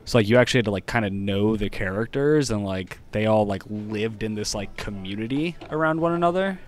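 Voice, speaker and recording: A lower-voiced man talks as a guest on a podcast. His speech is loose and rambling, with "like" dropped into almost every sentence. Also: a little fast. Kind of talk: casual chat.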